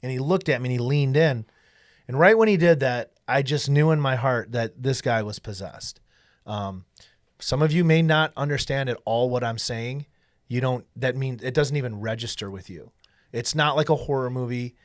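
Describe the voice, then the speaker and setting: A man who makes documentaries, telling a story in an earnest, animated way in casual conversation. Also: medium pitch, moderate pace, dry recording, clean studio sound. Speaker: documentary filmmaker.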